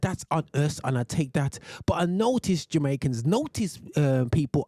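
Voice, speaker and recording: A British man hosting a radio show, ranting in heated commentary with many restarts and sudden high exclamations. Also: a little mellow, no echo.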